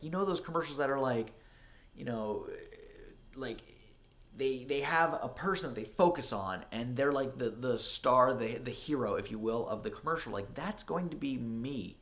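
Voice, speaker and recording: At home indoors, a young vlogger and actor tells casual stories about his acting life. His middle-register voice is chatty and animated, packed with "like," restarts and fillers. He swings between hushed, anxious low passages and loud, high bursts of excitement.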